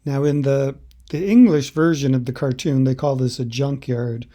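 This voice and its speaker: A man teaching a language by explaining a translation, unhurried and explanatory, with hesitant fillers. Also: mid-range voice, fairly even intonation, mellow.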